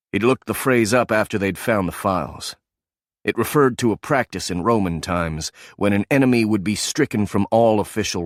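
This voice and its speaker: A male audiobook narrator reads in an even, measured way. His voice is low and the recording is close and dry. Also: no room sound.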